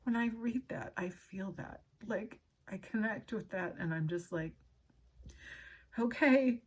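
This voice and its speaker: Hosting her channel, a woman reads from a book and drops in casual personal comments along the way. Her medium-pitched voice is slightly rough, and she comes across earnest and emotional, frequently stopping to say sorry.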